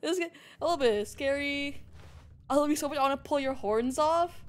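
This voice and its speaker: A woman's voice: sits high, fairly quick. A woman streaming a game and chatting playfully with her viewers in a teasing way. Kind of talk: casual game-stream chat.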